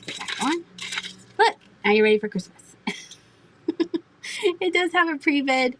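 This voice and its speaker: A woman's voice: high voice, lively intonation, a little slow, long pauses, a bit bright, a little hiss or hum, low-quality recording. A middle-aged woman hosting a live online auction, chatting and giggling with viewers as she shows vintage items. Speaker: live-stream auction seller. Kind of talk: casual live-selling chat.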